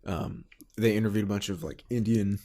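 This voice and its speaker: Wry young man with a low voice. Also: brisk, dark tone. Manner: wry, joking asides, profane. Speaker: podcast co-host. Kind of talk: casual podcast chat.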